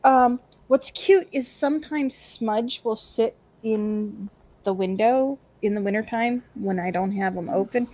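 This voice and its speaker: A woman's voice: on the high side, a little slow, dark tone, rough recording. A woman chatting casually as a podcast co-host, making short matter-of-fact remarks. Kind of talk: casual chat.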